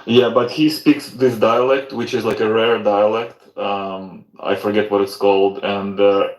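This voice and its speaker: A man telling a story haltingly, with many fillers, in casual podcast chat. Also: fairly low pitch, little pitch movement, reverberant, rough recording.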